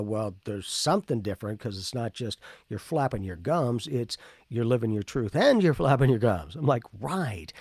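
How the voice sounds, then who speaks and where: A man with a gravelly, husky voice talks about spirituality in a casual, lively way. His pitch swings widely, and he slips into other people's voices when he quotes them. The sound is dry and close. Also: dry recording. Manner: animated, acts out quoted people. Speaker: podcast co-host.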